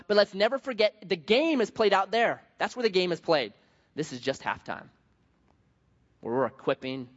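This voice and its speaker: Lively man preaching in a hall. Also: on the high side. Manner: conversational and jokey, with many restarts. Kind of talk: sermon. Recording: dull sound with long hall reverb.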